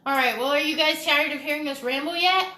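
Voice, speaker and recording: A woman's voice: high-pitched, fast, sharp tone. A woman co-hosting a casual live stream, chatty and giggly, rambling from topic to topic. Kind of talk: casual chat. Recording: echoey room.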